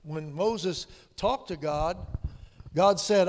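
A male pastor preaching a sermon, dropping to hushed whispers and rising to loud, emphatic peaks. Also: on the high side, unhurried. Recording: long hall reverb.

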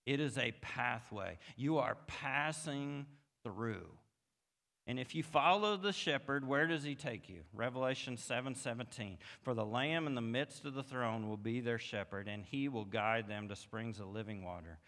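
A man preaching a sermon as pastor, moving from quiet reflection to emphatic, rising passages. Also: mid-range voice, moderate pace. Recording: long hall reverb.

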